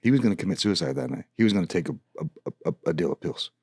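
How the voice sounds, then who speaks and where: A man's voice: low-pitched, very fast, no room sound, clean studio sound. A middle-aged man, a worship leader, telling a story in a casual podcast conversation, acting out the dialogue as he goes. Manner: animated storyteller, acts out dialogue, frequent restarts.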